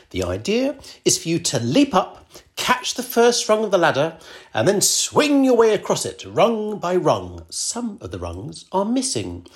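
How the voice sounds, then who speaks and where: A middle-aged woman hosting a scripted podcast, self-deprecating and prone to mock alarm. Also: fairly low pitch. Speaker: podcast host.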